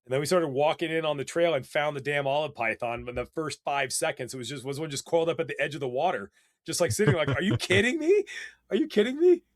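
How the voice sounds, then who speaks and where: A man telling casual stories as a podcast guest, animated and rambling, with many fillers. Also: fairly high pitch, quick pace, no room sound, studio quality. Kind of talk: casual storytelling.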